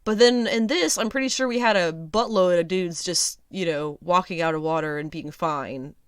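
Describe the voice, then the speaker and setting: A woman hosting a casual solo review podcast, chatty and sarcastic, laughing often and filling pauses with ums. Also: lowish voice, clear, resonant tone, no room sound, clean studio sound. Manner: chatty, lots of ums and restarts. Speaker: podcast host.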